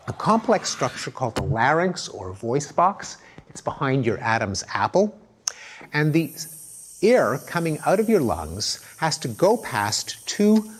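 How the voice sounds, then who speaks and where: A man giving an academic lecture, explaining with lively emphasis and spoken examples. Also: mid-range voice, slight background noise.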